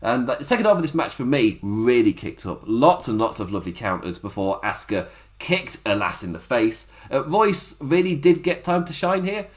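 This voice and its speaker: A man's voice: mid-range voice, sing-song, moderate pace. A man hosting a casual solo wrestling recap podcast, rambling, cutting himself off and laughing at his own asides. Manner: rambling, self-interrupting, laughs at own jokes.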